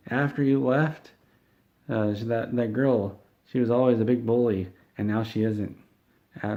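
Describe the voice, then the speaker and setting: A man telling a rambling, deadpan comedic story, meandering and halting with frequent restarts. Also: fairly low pitch, dull audio.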